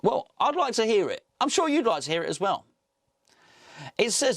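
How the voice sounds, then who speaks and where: A man's voice: sits high, sing-song, normal speed, pauses often, no room sound, clean studio sound. A man hosting a solo football podcast, reading out news and adding wry, sarcastic asides.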